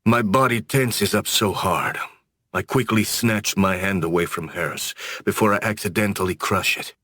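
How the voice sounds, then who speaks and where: A man narrating a first-person audiobook in a brooding, measured manner. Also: on the low side, bright, forceful tone, no echo, clean studio sound.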